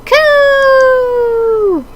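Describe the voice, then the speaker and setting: A woman voicing a frantic, excitable little male pigeon who coos in shrill squeals and speaks of himself in the third person. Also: drawn-out words, slight background noise, exaggerated voice. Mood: excited.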